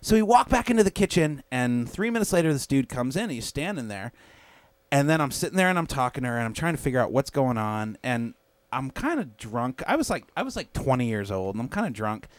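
A man's voice: medium pitch, a little fast. A young man, a podcast co-host, telling a story in casual chat, swearing often and acting out the quotes. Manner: swears a lot, animated, acts out quotes.

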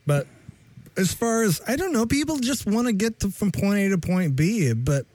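A man co-hosting a casual chat show, slightly high in pitch with a mellow, dark tone. He jokes and rambles, sometimes breaking into silly humming. The sound is dry and close. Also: sing-song, normal speed, dry recording. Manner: jokey, rambling, breaks into humming and mock-singing. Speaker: podcast co-host.

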